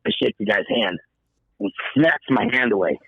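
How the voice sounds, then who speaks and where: A man's voice: lowish voice, moderate pace, no echo, phone-quality sound. A man, a podcast guest, telling a story in a casual, profane way and acting out the quoted dialogue. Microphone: podcast microphone.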